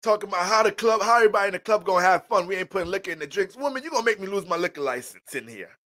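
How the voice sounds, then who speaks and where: A man's voice: lively intonation, racing, sharp tone. A man voicing an exasperated bar manager who curses and complains about his staff. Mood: scolding. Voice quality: high, squawking, exasperated.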